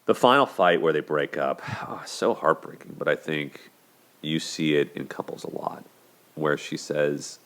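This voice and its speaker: Very deep-voiced man talking casually. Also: lively intonation, unhurried, a bit bright. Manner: conversational, many "you know" and "like" fillers and restarts. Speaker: host. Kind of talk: casual commentary on relationships.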